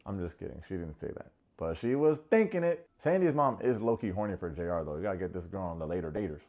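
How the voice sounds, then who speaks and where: A man hosting a comedic TV recap, sarcastic and quick to mock. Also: lively intonation, a little mellow, lo-fi sound. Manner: sarcastic, acts out quotes in high mocking voices. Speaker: recap show host.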